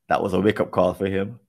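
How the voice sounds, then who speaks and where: A husky, low voice with vocal fry and a darkish tone belongs to this Jamaican-accented man. In podcast conversation he mulls things over thoughtfully, his sentences coming in halting restarts.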